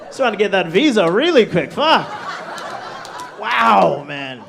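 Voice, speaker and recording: A man's voice: high-pitched, sing-song, unhurried, creaky, a crowd in the background, noisy background. A man performing a crude live stand-up set in a comedy club, brash and laughing through his punchlines.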